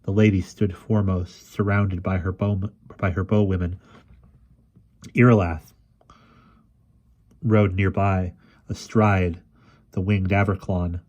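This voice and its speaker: A man reading a fantasy novel aloud at a steady, measured pace, with the odd small restart. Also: sits low, highs cut off. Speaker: reader. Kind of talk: audiobook narration.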